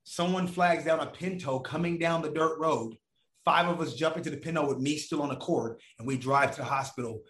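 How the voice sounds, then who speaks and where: Brief: man, storyteller, slightly high voice, animated and profane, echoey room. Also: brisk. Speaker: guest telling a story. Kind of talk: casual storytelling.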